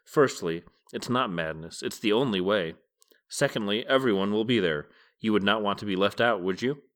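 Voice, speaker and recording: A man voicing a calm, persuasive older man who speaks peaceably. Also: moderate pace, natural voice. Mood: coaxing. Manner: peaceable, soft and low.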